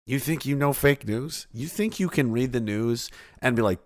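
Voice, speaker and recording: A man's voice: mid-range voice, normal speed, hardly any pauses, darkish tone. A male podcast host chatting casually on a livestream, sarcastic and profane, often laughing at his own jokes.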